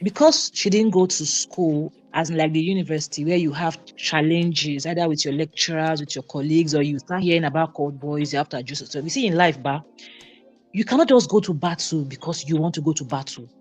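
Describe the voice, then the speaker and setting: A woman on a debate panel lays out her argument step by step in a lowish voice. She often checks whether the listener follows her. Faint music runs in the background. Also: a little fast, a little mellow. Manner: explains step by step, checks if understood.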